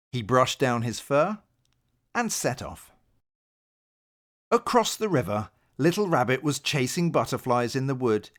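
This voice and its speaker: A man reading a bedtime picture book aloud as narrator, in a slow, gentle storytelling way. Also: mid-range voice, very animated.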